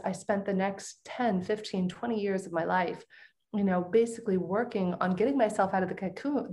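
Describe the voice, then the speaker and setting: A middle-aged woman, a podcast guest, telling a personal story in a lively, expressive way and laughing often. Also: medium pitch.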